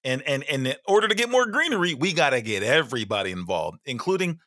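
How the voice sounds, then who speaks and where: A man co-hosting a casual podcast, animated and quick to get fired up, stumbling over repeated words. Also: medium pitch, no room sound, clean studio sound. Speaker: podcast co-host.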